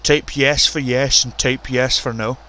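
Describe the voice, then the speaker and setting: A man giving casual, profane, excitable commentary on a wrestling video game and ranting about the roster. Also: mid-range voice, measured pace, a little hiss or hum. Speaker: commentator and show runner.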